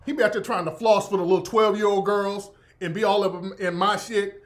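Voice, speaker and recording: A middle-aged man with a somewhat high-pitched voice hosts his own radio show. He tells a casual, profane story, ranting with animated bursts and laughing. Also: fairly quick, hardly any pauses.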